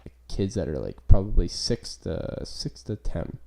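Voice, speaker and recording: Young dude rambling on his podcast, mellow tone, swears a lot, says like constantly. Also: sits low, very animated, a little slow, gravelly. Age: young adult. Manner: rambling, profane, full of "like" fillers. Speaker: podcast host. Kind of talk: casual chat.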